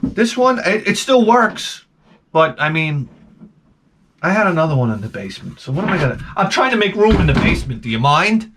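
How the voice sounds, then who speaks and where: New dude rambling jokes, bouncy all over the place, slight background hiss. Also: male voice, on the high side, quick pace. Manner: animated, jumps into silly voices. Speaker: comedic vlogger. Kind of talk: rambling comedic monologue.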